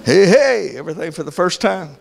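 High-pitched preaching man in a big hall. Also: big pitch swings, fairly quick, gravelly. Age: older. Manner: swings from loud preaching to soft whispers. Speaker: pastor. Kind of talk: sermon.

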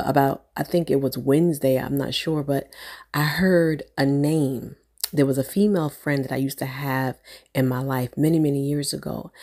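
A woman's voice: low voice, darkish tone. A woman speaking off the cuff in a spiritual encouragement vlog, rambling and prayerful, with many fillers and restarts. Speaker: online prophetic encourager.

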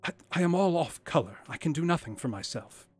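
A man's voice: a little high, lively intonation, fairly quick, breathy edge, no echo, voice pushed up. A man voicing a drug-dazed, frantic young man who talks in a shaky, pleading way, over faint background music.

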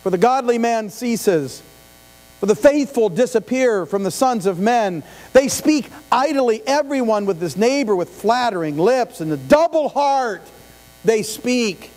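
His pitch extremely high and his intonation lively, a middle-aged pastor preaches a little slowly in a darkish tone. The conversational sermon includes many questions to the congregation and asides. It's a live church stream from the sanctuary, with long reverb and mains hum.

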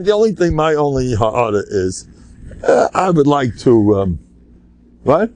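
An older man, a rabbi, giving an animated, rambling Torah lecture full of Yiddish and Hebrew terms. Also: mid-range voice, measured pace, long pauses, no echo.

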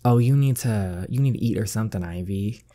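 A caring middle-aged mother fusses over her hurt son, as a man reads her part in a story game. The tone is warm and low, the manner motherly. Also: fairly quick, natural voice.

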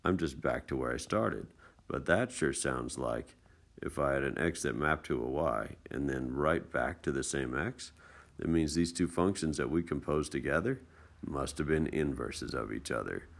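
A man teaching math in a casual screencast lesson, explaining steps in a relaxed, chatty way with folksy asides. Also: extremely low pitch, moderate pace, creaky. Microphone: tablet screencast mic.

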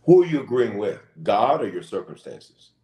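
Impassioned low-voiced preaching man. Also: very animated, normal speed, echoey room, highs cut off. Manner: impassioned, rising to shouted emphasis. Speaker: bishop. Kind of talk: preaching in a church talk show.

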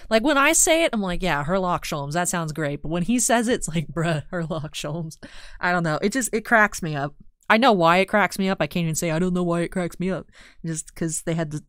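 A woman's voice: fairly low pitch, clean tone, dry recording, studio quality. A young woman hosting a video game playthrough, chatting casually and rambling upbeat about the story. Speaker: let's-play host. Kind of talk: casual gameplay commentary.

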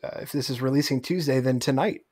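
A man guesting on a podcast, chatting casually, quick to laugh and enthusiastic. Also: medium pitch, a little mellow, husky. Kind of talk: casual chat.

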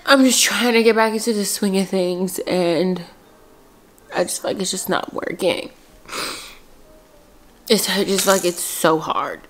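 A woman's voice: mid-range voice, unhurried, pauses often, slight background noise. A woman in her twenties from Philadelphia, talking candidly in a casual mom vlog, rambling and full of "like". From Philadelphia, USA. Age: 20s. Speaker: mom vlogger.

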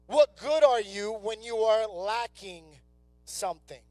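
A young man serving as youth pastor preaches conversationally in a church sanctuary, his voice high and darkish in tone at a moderate pace. He voices people's doubts as if they were speaking, over soft background music with no room sound.

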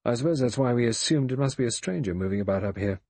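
A man voicing a cool, sharp-tongued adventurer in an audiobook, quick and sardonic. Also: medium pitch, lively intonation, slightly rough, dry recording, pitched above the performer's own voice. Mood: doubtful. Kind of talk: audiobook character voice.

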